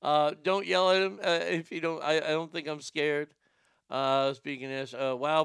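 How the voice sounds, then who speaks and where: A man's voice: fairly high pitch, steady tone, normal speed, vocal fry, fairly bright tone, smooth, dry recording. A man hosting an internet radio show, rambling through a profane, joking comedy monologue into a studio mic.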